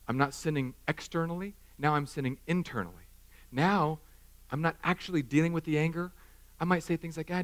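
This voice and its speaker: A man in his thirties preaching a sermon in a church, animated and self-mocking, acting out little scenes. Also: medium pitch. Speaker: pastor. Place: church hall.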